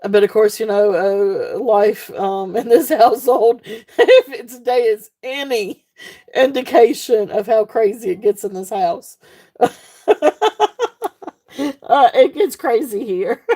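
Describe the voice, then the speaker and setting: A woman's voice: a little high, slow, warm tone. A woman hosting a live online jewelry sale from home, talking to her viewers in a rambling, heartfelt way with many fillers. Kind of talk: casual live-stream chat to viewers.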